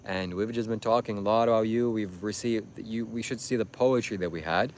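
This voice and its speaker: A man's voice: on the low side, a little fast, a little hiss or hum. A man hosting a livestream, talking to his chat in a preachy, insistent, repetitive way. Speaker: livestream host. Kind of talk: livestream monologue addressing chat.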